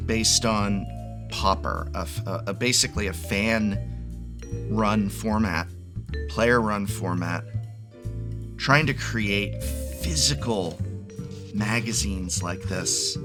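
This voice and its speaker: A man in his forties talking casually and enthusiastically as a card game video host, rambling and often restarting his sentences. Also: on the low side. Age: 40s. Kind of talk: excited unboxing chat.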